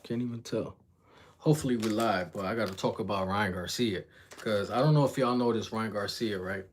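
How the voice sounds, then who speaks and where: A man's voice: fairly low pitch, brisk, a little hiss or hum. A young man telling a story on a livestream in casual, profane slang, acting out the voices of the people in it. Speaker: reaction vlogger.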